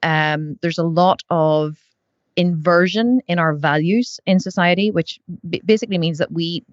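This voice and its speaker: A woman's voice: lowish voice, normal speed, no echo. A woman hosting a podcast, speaking thoughtfully in a casual interview. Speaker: podcast host. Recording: dull lo-fi dry sound.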